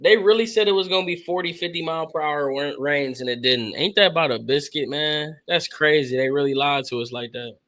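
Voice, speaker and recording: A young man streaming casual live play-by-play of a football game, excitable and slangy, laughing often with his chat. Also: on the high side, a little fast, few pauses.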